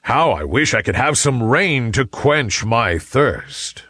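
A man voicing a wise, kindly male sun in a children's story, speaking gently and in a measured way. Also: medium pitch, sing-song, slightly rough, dry recording, clean studio sound, full character voice. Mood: playful.

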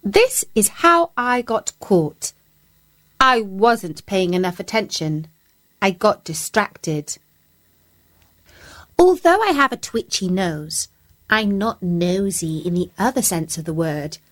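A woman reading a storybook aloud as a chatty mouse, playful and expressive. Her pitch roams widely, and she takes her time with every line. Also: takes it slowly.

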